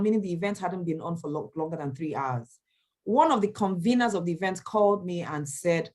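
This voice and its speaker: A woman, an event MC answering questions in a motivational talk, emphatic and animated as she tells stories. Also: lowish voice, a little fast. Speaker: event MC and speaker.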